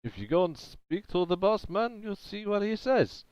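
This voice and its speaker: A man voicing a gruff male wasteland guard with an exaggerated Russian accent that keeps shifting. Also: high-pitched, very animated, normal speed, darkish tone, voice pushed up. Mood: curt. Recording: dull lo-fi online audio.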